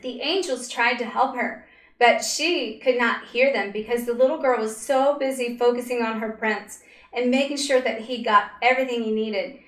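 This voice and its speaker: A woman narrating a story slowly and dramatically, with pauses and fillers, as a spiritual coach. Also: fairly high pitch. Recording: roomy echo.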